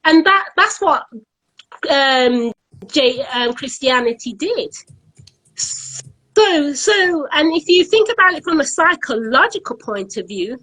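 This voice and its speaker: A woman's voice: high voice, big pitch swings, slow, pushed and bright, low-quality recording. A woman, earnestly explaining her views in a casual online live chat and often repeating words as she searches for them. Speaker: event organiser, guest. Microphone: online live stream.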